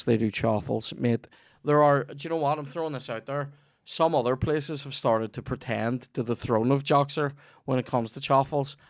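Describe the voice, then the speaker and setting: A man's voice: mid-range voice, vocal fry, dry recording, studio quality. A man with a Northern Irish accent hosting a comedy podcast, rambling through a sweary, jokey ad read.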